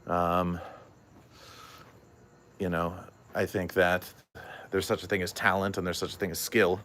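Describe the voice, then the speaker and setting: A man's voice: deep voice, level tone, a little slow, a bit bright, a little hiss or hum. A young man chatting casually on a livestream, rambling with lots of fillers and answering chat. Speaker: comedian streamer.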